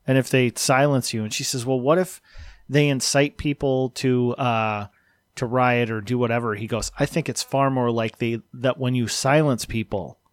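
A man with a mid-pitched voice talks through a debate in casual podcast chat. He is measured and analytical and quotes both sides in a level tone. The recording is dry and close. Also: dry recording. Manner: measured, analytical retelling, quoting dialogue in a flat tone. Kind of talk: casual chat recounting a video.

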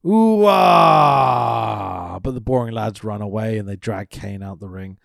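A man's voice: lowish voice, fairly even intonation, a little fast, warm tone, no room sound, studio quality. A man co-hosting a podcast, recapping wrestling in sweary, sarcastic casual chat and laughing often. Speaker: podcast co-host.

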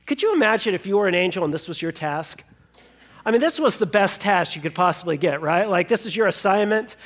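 Pastor guy, pretty high voice, animated sermon with little acted bits. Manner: animated storytelling with acted-out asides.

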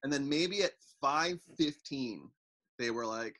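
Male podcast co-host, bright middle voice, rambling, self-mocking storyteller. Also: mid-range voice, sing-song, normal speed. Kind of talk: casual chat.

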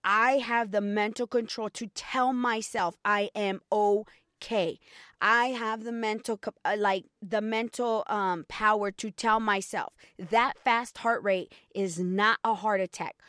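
A young woman talks candidly to her viewers, chatty and direct, sharing a personal story. Her voice sits at an ordinary middle pitch. The recording is dry and close, with no room echo. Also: fairly even intonation, takes it slowly, fairly bright tone, smooth. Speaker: vlogger.

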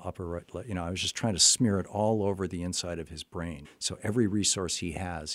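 An older man with a low voice recounts a case from his practice, starting over mid-sentence and filling pauses. The recording is dry and close, with no room sound. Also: no echo. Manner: halting, with frequent restarts and fillers. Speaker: therapist. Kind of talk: conversational storytelling.

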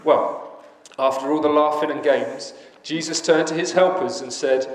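A man narrating a story to children in a gentle, questioning way. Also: fairly high pitch, normal speed, few pauses. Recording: echoey hall with faint noise.

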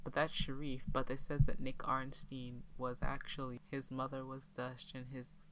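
A woman's voice: very deep voice, normal speed, slight background noise, poor audio. A woman co-hosting a podcast, chatting casually as she recaps a film, laughing often and acting out scenes. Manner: laughs often, animated retellings.

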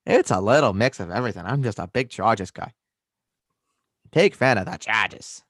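A man's voice: fairly low pitch, animated, normal speed, a bit bright, husky, no room sound, studio quality. A man co-hosting a fantasy football podcast, chatting casually and hamming up a folksy put-on Minnesota accent. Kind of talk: casual chat.

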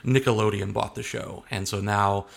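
A man's voice: on the low side, steady tone, moderate pace, vocal fry. A young adult man talking casually as an interview guest, rambling and hesitant, often restarting his sentences.

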